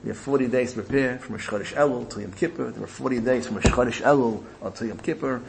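A man's voice: mid-range voice, quick pace, vocal fry, a little hiss or hum, rough recording. A man giving a sermon, retelling a parable in a storytelling manner with repetition and rising emphasis. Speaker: religious speaker.

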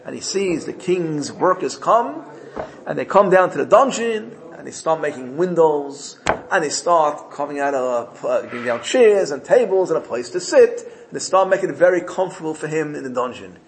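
Gravelly man telling a sermon parable. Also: on the high side, moderate pace, slight background noise, low-quality recording. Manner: animated storytelling, frequent self-corrections.

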